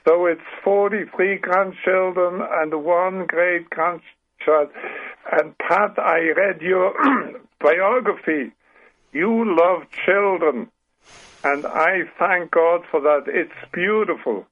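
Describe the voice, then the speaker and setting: A man's voice: high-pitched, slow. A man in his seventies with a German accent, a guest author speaking earnestly with many restarts in a radio interview. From Britain, raised in Paraguay. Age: 70s. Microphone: telephone. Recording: tinny phone line.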